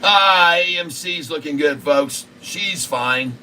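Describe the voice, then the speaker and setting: A man hosting a live day-trading stream, excitable and repetitive, cracking crude jokes and bursting out loudly. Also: a little high, takes it slowly, a little hiss or hum. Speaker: day-trading livestream host.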